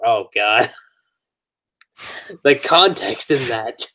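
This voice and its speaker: A man's voice: medium pitch, animated, measured pace. A man hosting a podcast, chatting casually through an anime recap, laughing often and acting out character lines. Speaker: podcast host.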